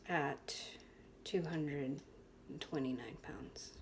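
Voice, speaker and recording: A young woman vlogger with a low voice, chatting candidly to her camera at an unhurried pace. She keeps restarting her sentences and filling pauses with "um" as she talks. A faint hiss sits behind her. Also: creaky. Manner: chatty and frank, with many fillers and restarts.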